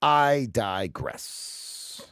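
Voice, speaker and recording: A man's voice: mid-range voice, sing-song, drawn-out words, vocal fry, fairly bright tone, smooth, no echo, clean studio sound. A man hosting a live trading stream, ranting bluntly and sarcastically in casual chat.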